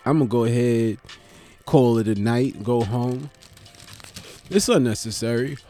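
A man's voice: medium pitch, dark tone. A young man, a stand-up comedian, rambling sleepily and profanely at night, yawning and mocking himself. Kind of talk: late-night casual monologue.

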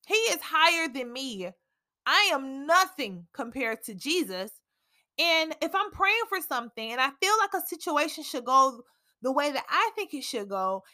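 A woman's voice: high-pitched, pushed and bright. A young woman, hosting a casual faith podcast and talking candidly, with dramatic asides to herself. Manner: candid, preachy, with dramatic self-talk asides. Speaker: podcast host.

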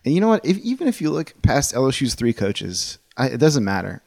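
A man's voice: medium pitch, big pitch swings, brisk, gravelly, a little mellow, dry recording, clean studio sound. A man co-hosting a sports podcast, talking in a casual, opinionated and rambling way, with frequent restarts.

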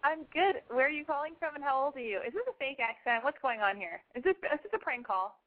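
A woman hosting a call-in show with a fairly high voice. She talks in a blunt, joking, rambling way. The sound is narrow and phone-like. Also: expressive, fast. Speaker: host taking calls. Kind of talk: casual call-in chat.

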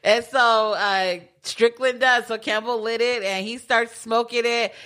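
A woman's voice: a little high, steady tone, a little slow, fairly bright tone. A woman chatting casually, recapping a story and acting out quoted lines, laughing often. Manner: laughs often, acts out quoted lines while retelling a plot. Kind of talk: casual chat.

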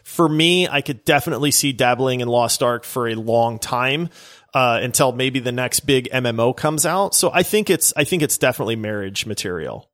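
A man's voice: mid-range voice, normal speed, fairly bright tone. Chatty man co-hosting a gaming podcast. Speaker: podcast co-host. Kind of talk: casual gaming podcast chat.

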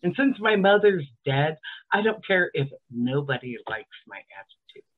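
A woman's voice: deep voice, sing-song, normal speed, breathy edge. Sardonic woman over a tinny line. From Alabama. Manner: dry, sardonic storyteller. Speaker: guest. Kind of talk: casual storytelling on a comedy podcast.

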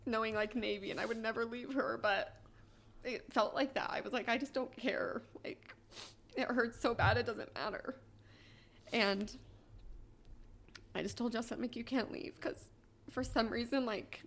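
A young woman on a podcast telling a painful personal story in a quiet, halting way, full of "like"s and sometimes near tears. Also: fairly high pitch. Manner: quiet, halting, tearful at times, many "like"s. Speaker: podcast guest.

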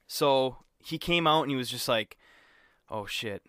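A man's voice: mid-range voice, a little slow, bright, forceful tone, no room sound, clean studio sound. A young man co-hosting a podcast, telling a college story in casual chat, acting out quotes and swearing freely. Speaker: podcast co-host.

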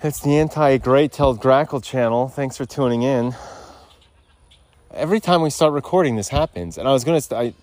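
A man's voice: medium pitch, fairly quick, a little mellow. A man hosting a podcast outdoors, rambling in loose, profane, digressive casual chat. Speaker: podcast host. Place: outdoors on a rural lot.

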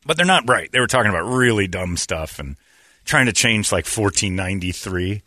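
Animated, sarcastic man joking around. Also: on the low side, normal speed, no room sound, clean studio sound. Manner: animated, sarcastic, bursts into put-on voices. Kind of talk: casual comedic banter.

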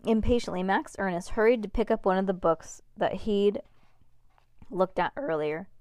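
Woman reading a children's book aloud, relaxed, dry close mic. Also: fairly high pitch, measured pace, no echo. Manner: relaxed, with small asides and restarts.

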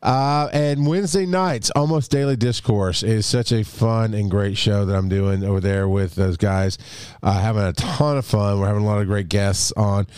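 A man's voice: lowish voice, normal speed, darkish tone, smooth, dry recording, clean studio sound. A man co-hosting a podcast in casual, upbeat chat, laughing often as he signs off. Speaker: podcast co-host.

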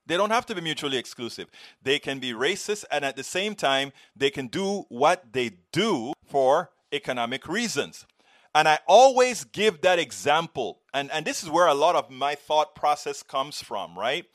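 An author appearing as a guest argues emphatically in a heated, impassioned discussion, repeating himself and telling anecdotes. His voice is on the high side with lively intonation and a moderate pace.

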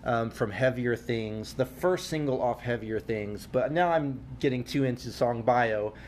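A man's voice: medium pitch, a little slow, darkish tone, a little hiss or hum. A man co-hosting a podcast in casual chat, playful and teasing his co-host. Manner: playful, teasing, mock news-anchor delivery.

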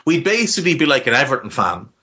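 Man, Navan Irish accent, rambling casual podcast host, sharp edgy tone, muffled recording. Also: mid-range voice, very animated, fast. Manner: rambling, heartfelt, swears casually.

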